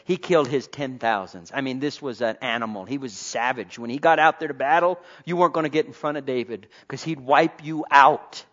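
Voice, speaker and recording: A man preaching a sermon to his congregation, fervent, swinging between loud exhortation and low, quiet asides. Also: a little fast, few pauses, muffled recording.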